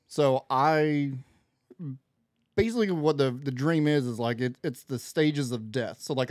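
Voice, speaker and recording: A man's voice: mid-range voice, no room sound, clean studio sound. A man in casual conversation as a podcast guest, telling a story animatedly and acting out the voices in it. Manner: animated storyteller, acts out quoted dialogue.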